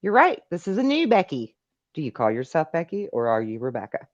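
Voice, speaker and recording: A woman's voice: sits low, huge pitch swings, fairly quick, dry recording, muffled recording. A middle-aged woman hosting a live call-in stream, chatting casually and reading viewer messages aloud. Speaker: live call-in show host.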